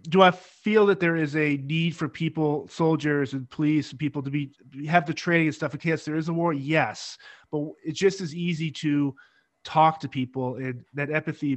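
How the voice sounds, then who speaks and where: A man hosting a podcast, musing out loud in a rambling, reflective way. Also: fairly high pitch. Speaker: podcast host. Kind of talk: casual interview chat.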